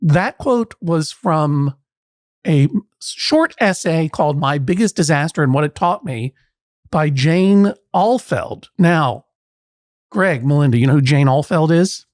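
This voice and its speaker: A man's voice: fairly high pitch, animated, measured pace, darkish tone, dry recording, clean studio sound. Wry, rambling man hosting a mock court. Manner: wry, playful, rambling asides. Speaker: podcast judge host. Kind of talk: comic courtroom banter.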